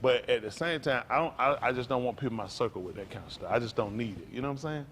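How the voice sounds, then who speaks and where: In rapid-fire speech, a pastor gives a conversational sermon aimed directly at the congregation, calling out to them and repeating his phrases. He ranges from low murmurs to loudly raised lines. The recording carries a little hiss or hum.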